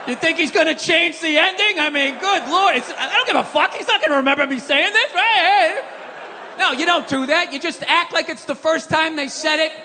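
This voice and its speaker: A man doing a stand-up rant on stage, cursing freely and yelling his punchlines while mocking people in put-on voices. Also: very high voice, moderate pace. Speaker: stand-up comedian. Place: large comedy venue with a live audience. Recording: live stage recording, long hall reverb, crowd noise.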